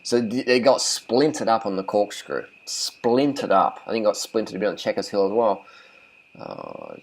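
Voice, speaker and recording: A man's voice: on the low side, huge pitch swings, normal speed, gravelly, poor audio. A man talking casually as a cycling vlogger, giving blunt and profane riding tips, and repeating phrases for emphasis.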